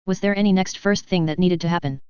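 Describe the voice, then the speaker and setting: A woman narrating a story in a steady, measured reading voice. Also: fairly low pitch, smooth, no echo, dull audio. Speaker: audiobook narrator. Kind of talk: scripted narration.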